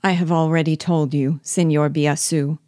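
A woman's voice: sits low, fairly even intonation, normal speed, warm tone, no room sound, studio quality, natural voice. A woman voicing a proud, distrustful male liberator who speaks firmly in an audiobook reading. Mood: insistent.

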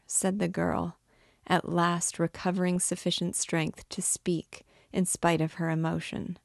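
A woman teacher reading a classic novel aloud in a measured, expressive narrating voice. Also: fairly low pitch, vocal fry, no room sound, clean studio sound. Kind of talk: audiobook-style novel reading.

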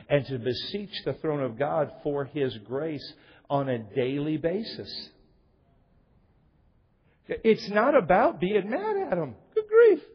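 Lively husky-voiced male pastor preaching. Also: on the high side. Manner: emphatic preaching with rhetorical questions and quoted scripture. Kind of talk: sermon. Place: church sanctuary. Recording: lo-fi echoey church recording.

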